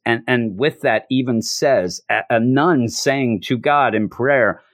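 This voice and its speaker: A man giving an animated, emotional recap of a show, with frequent restarts. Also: medium pitch, slow, few pauses, no echo, studio quality. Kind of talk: casual episode recap.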